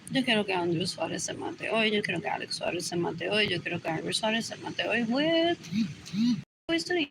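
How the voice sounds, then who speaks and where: In a mid-range voice against a noisy background, a woman delivers a rambling livestream monologue from her apartment. She keeps repeating the same short question and shifts between English and Spanish partway through sentences.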